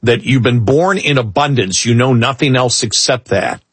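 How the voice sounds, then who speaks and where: A middle-aged man co-hosts a talk radio show. His voice is husky at a medium pitch, close and dry. He talks in long, looping restarts with an exasperated edge. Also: moderate pace, dry recording. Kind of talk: casual on-air talk.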